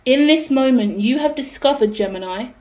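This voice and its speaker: A woman giving a casual tarot reading in a high voice. She talks bluntly and swears freely, with dramatic outbursts. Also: expressive, moderate pace, a little mellow. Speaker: tarot reader.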